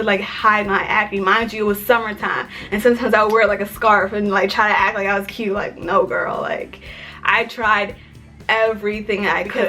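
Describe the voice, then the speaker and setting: A young woman from Maryland telling a personal story in a casual vlog, chatty and full of "like". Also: mid-range voice. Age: young adult. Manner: chatty, filler-heavy with frequent "like". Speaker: vlogger. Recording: faint music under the voice. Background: soft background music.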